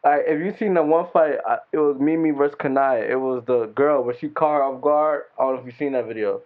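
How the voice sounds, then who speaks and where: A man's voice: mid-range voice, fairly quick. A man co-hosting a podcast, telling stories in a rambling, slangy way. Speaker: podcast co-host and video editor. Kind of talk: casual chat. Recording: thin phone-like sound.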